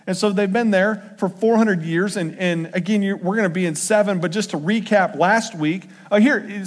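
A pastor with a high voice preaches a casual sermon at normal speed with few pauses, in a church sanctuary where a long hall reverb carries his words. He talks conversationally and acts out quotes, shifting his voice for each.

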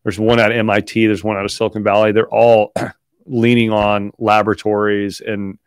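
Brief: man co-host, lower pitch, dry recording, quick banter. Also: little pitch movement, clean tone, dry recording. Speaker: podcast co-host. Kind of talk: casual chat.

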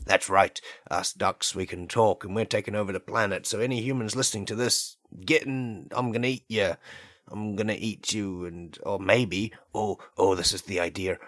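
A man's voice: on the low side, steady tone, normal speed, fairly bright tone, dry recording, studio quality, close to an everyday voice. A man doing a cackling evil mastermind duck. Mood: menacing gloat. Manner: cackling, menacing, mock-villain bluster. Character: gloating evil mastermind duck, male, hungry. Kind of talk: comedic podcast skit.

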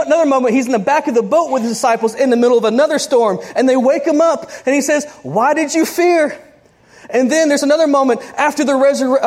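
Woman preacher, sermon delivery, animated and conversational, quick asides. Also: a little high.

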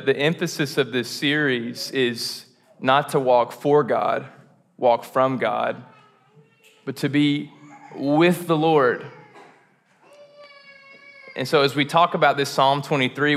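A man's voice: mid-range voice, normal speed, gravelly. Casual, joking man preaching in a hall. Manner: relaxed, self-deprecating, chatty with frequent fillers and restarts. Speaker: pastor. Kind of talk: casual sermon. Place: church auditorium.

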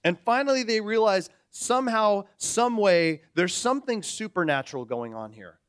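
High-voiced preacher acting out stories. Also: male voice, moderate pace, no room sound, clean studio sound. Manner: animated storytelling, acts out characters. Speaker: pastor. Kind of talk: sermon.

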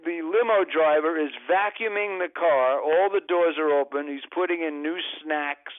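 A man's voice: fairly high pitch, normal speed, no room sound, phone-quality sound. Guy rambling thru a funny story, keeps restarting sentences, dry phone-ish audio. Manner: rambling, self-interrupting comic anecdotes. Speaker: guest. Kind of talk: casual storytelling.

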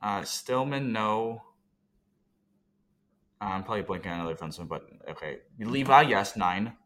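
Low-voiced man thinking out loud. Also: lively intonation, moderate pace, slight background noise. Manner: rambling, talks himself through answers. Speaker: podcast co-host. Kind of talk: casual sports chat.

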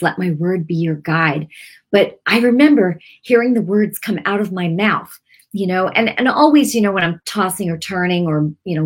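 A woman hosting an online ministry broadcast, teaching a devotional message in an earnest, conversational way with many asides. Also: on the low side.

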